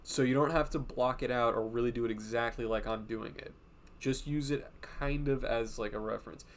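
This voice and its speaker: A male art streamer chatting loosely on a livestream as he draws, his voice sitting at an ordinary middle pitch. He swears freely, drifts off on tangents and keeps coming back to the drawing. He often slips into animated quoted voices to act out what people said. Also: fairly quick. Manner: rambling and profane, jumping between tangents. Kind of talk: casual livestream chat while drawing.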